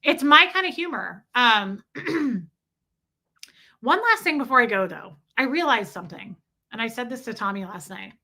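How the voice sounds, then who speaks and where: A woman's voice: fairly high pitch, expressive, moderate pace, pushed and bright. A woman hosting a livestream, chatting casually and rambling with self-mocking humor as she reads viewer comments. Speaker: livestream host.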